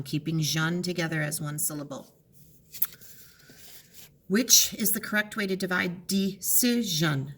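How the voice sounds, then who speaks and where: A woman teaching a recorded lesson, going over test answers in an encouraging, explanatory way and drawing words out slowly to split them into syllables. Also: on the low side, a bit bright, slight background noise. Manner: slow, drawn-out enunciation of words to split into syllables.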